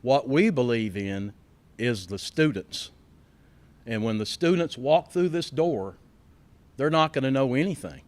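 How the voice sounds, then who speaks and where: A man giving a folksy, emphatic public speech at a college facility opening, telling stories and thanking people. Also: mid-range voice.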